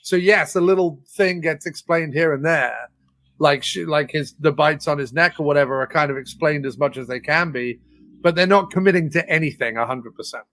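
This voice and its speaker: A man's voice: a little high, a little fast, a bit bright. A man talking casually as a podcast guest, thoughtful and enthusiastic, with plenty of fillers. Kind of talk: casual film discussion.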